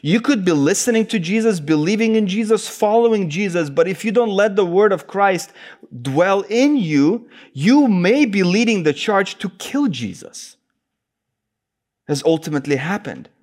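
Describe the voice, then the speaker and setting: A man's voice: high-pitched, expressive, moderate pace, a little mellow. A man preaching an expository sermon, citing scripture references in an earnest, emphatic cadence.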